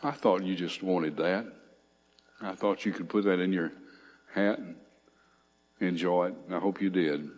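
A man preaching a sermon, reading scripture aloud with swelling emphasis and pausing on frequent fillers. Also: low voice, fairly even intonation, darkish tone. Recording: long hall reverb.

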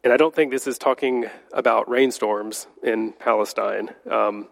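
Male Bible teacher, unhurried, fairly low voice, long reverb of a big room. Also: fairly even intonation, vocal fry. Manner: unhurried, stops to correct slips while reading. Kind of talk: Bible study teaching, reading scripture aloud.

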